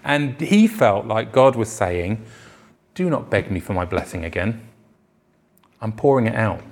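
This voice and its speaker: A man's voice: on the low side, big pitch swings, unhurried, gravelly, a little hiss or hum. A male pastor preaching a conversational sermon in church, acting out the quoted voices in his stories.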